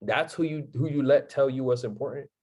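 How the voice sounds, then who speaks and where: A man's voice: mid-range voice, fairly quick, a little mellow. A young man giving a motivational talk on a live stream, firing off rhetorical questions, repeating his points and asking "right?" to the chat.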